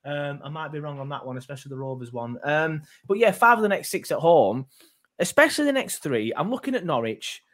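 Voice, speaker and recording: A man's voice: a little high, lively intonation, fairly quick, a bit bright. A man hosting a casual football fan podcast, rambling with many fillers and restarts. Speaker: podcast host.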